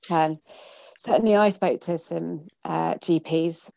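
A woman interviewing a guest, asking her questions in a halting way with frequent restarts. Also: sits low, fairly even intonation, vocal fry, dark tone, dry recording. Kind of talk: conversational interview.

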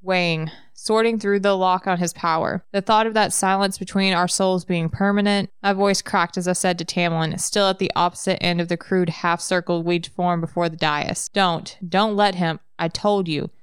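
A woman reading a fantasy novel aloud in a measured, even narration. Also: lowish voice, clean tone, no echo, clean studio sound. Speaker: reader.

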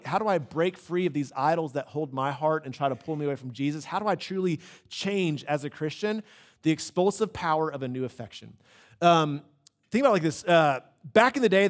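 A young male pastor preaching a sermon in a conversational way, full of restarts and asides, sometimes acting out quoted voices. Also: on the high side. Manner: acts out quoted voices, shouting in bits.

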